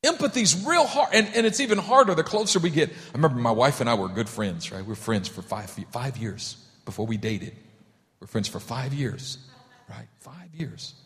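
A man preaching a sermon as pastor, animated and humorous, acting out voices in his stories. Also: medium pitch, moderate pace, in a large hall. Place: church.

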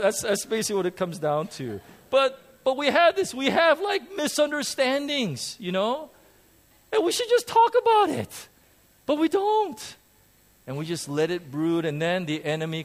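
Animated man preaching a sermon. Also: high voice. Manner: animated, self-deprecating humor, repeats phrases. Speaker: pastor. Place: church sanctuary with a congregation.

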